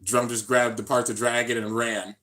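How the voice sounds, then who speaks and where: Bright-voiced excitable young guy streaming. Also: moderate pace. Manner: excitable, slangy, keeps saying "dude"; swings between hyped shouting and low mumbling. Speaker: YouTuber hosting a live reaction stream. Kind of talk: casual live-stream reaction commentary.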